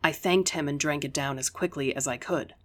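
An audiobook reader telling a first-person story at an even, unhurried pace. The reading is steady, with a voice sitting in the middle of the usual range. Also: medium pitch. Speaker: audiobook narrator.

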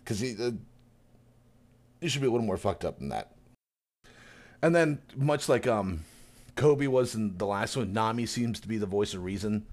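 A man's voice: normal speed, pauses often. A man on a casual podcast, animatedly recapping a chapter and acting out the characters' lines with laughter. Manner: animated retelling, acting out characters with big pitch jumps and laughter. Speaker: podcast co-host.

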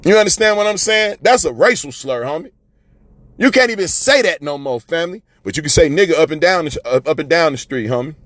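A man giving fiery street-talk radio commentary, preachy and repetitive, often calling listeners "family", swinging between shouts and low mutters. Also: expressive, brisk, no echo.

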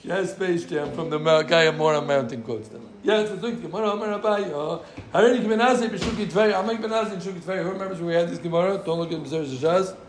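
A man with a high voice leads a relaxed Talmud class, going over each point twice and teasing his students along the way. The room around him is echoey. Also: fast talker, a little hiss or hum. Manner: repeats phrases, joking asides to students. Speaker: Talmud teacher. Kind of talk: casual Gemara class teaching.

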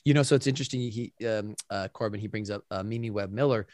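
A man hosting a casual interview, enthusiastic and quick to laugh as he shares his own acting memories. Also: on the low side, a little mellow. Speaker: podcast host, actor.

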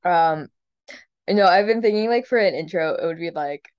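A woman's voice: on the low side, moderate pace, a little mellow, lo-fi sound. A young woman co-hosting a podcast in casual chat, giggling often and filling her talk with "like". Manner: giggly, lots of "like" fillers. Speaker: podcast co-host.

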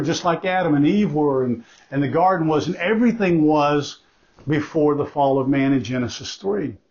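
A man's voice: fairly high pitch, darkish tone. A man preaching a sermon as pastor, emphatic and conversational, repeating key phrases for stress and breaking off into asides. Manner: conversational, with asides and self-corrections. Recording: dull lo-fi recording.

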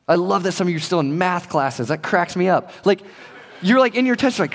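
Young male pastor, slightly high voice, conversational and playful, long hall reverb. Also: expressive, fast talker. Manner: conversational, joking, acts out quoted voices. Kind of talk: casual sermon to young people.

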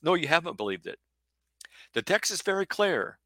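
Man, middle-aged, preacher; forceful bright tone, close dry sound, rhetorical sermon delivery. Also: a little high, big pitch swings, moderate pace, dry recording. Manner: emphatic, rhetorical, acts out imagined questions. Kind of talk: sermon-style Bible teaching.

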